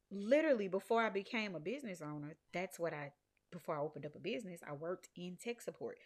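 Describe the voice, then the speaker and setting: A woman, casually telling viewers a faith story about her business and jumping high in pitch when she quotes herself. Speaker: small business owner sharing a testimony.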